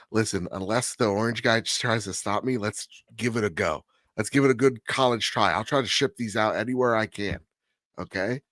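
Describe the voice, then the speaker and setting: A man's voice: fairly low pitch, fairly quick, a bit bright, dry recording, clean studio sound. A man co-hosting a gaming podcast, jokey and rambling in casual chat. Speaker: podcast co-host.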